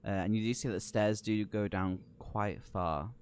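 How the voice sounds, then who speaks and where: A man narrating a tabletop horror game as game master, casual and hesitant, with many pauses and ums. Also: fairly low pitch, fairly even intonation, a little hiss or hum.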